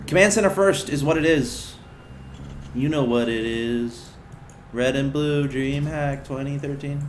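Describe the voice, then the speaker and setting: A man doing casual esports commentary on a strategy game match, chatty and excitable. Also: medium pitch, measured pace, roomy sound, a little hiss or hum.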